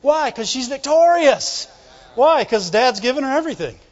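High-voiced man preaching in a hall. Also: animated, moderate pace, a little hiss or hum. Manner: emphatic preaching with frequent shouts and call-and-response to the congregation. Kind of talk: sermon. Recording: dull sound with long reverb in a large room.

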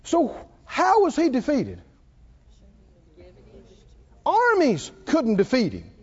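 A preacher with a very high, lively voice delivers a slow sermon, firing rhetorical questions and waiting for answers. The sound is muffled and lo-fi, as from a church recording. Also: male voice. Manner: rhetorical questions, calls for response.

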